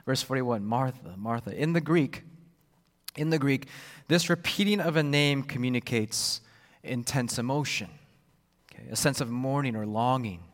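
A man preaching a sermon, expressive and repetitive, acting out the voices he quotes. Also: medium pitch, moderate pace, big-room sound. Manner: expressive, acts out quoted voices, repeats words. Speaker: pastor.

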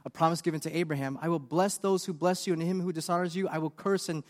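Man, pastor, earnest sermon, rhetorical questions, slightly high voice, echoing hall. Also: fairly even intonation, quick pace, a little mellow.

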